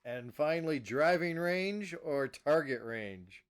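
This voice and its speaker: A man hosting an interview, firing off quick questions and laughing often. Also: on the high side, animated, clean tone. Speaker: interview host. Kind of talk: casual interview chat.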